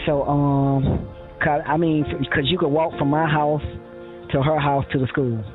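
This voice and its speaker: Over a tinny phone line with faint music behind him, a man tells his story during a phone interview, rambling, quoting others, and using many fillers and restarts. His voice is a little high, with a steady tone and measured pace.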